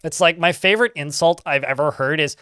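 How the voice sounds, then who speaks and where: A man's voice: fairly high pitch, a little fast, pushed and bright, clean tone, no echo, studio quality. A man chatting casually while livestreaming a game, rambling with lots of filler words. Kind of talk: casual live gameplay chat.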